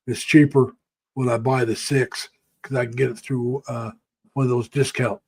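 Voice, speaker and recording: An older man from the United States chats on his live stream in a mid-pitched, ordinary voice. He rambles through folksy memories with plenty of fillers and stops to greet viewers by name. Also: little pitch movement, normal speed, a little mellow, husky. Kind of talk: casual live-stream chat.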